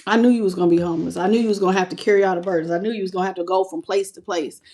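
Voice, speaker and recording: A woman's voice: lowish voice, fairly even intonation, racing, warm tone. A woman reading tarot cards live, talking to her viewers and greeting them by name, with emotion and a casual way of speaking. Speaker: tarot reader.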